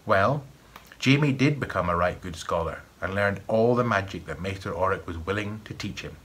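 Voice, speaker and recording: A man with a Scottish accent from the east of Scotland, reading a folk tale aloud in an expressive storytelling manner. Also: sits low, normal speed, slightly rough.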